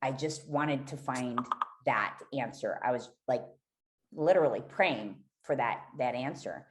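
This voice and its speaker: A woman's voice: a bass voice, measured pace, noisy background. A woman guest on a podcast, candidly telling a raw, emotional personal story and swearing freely.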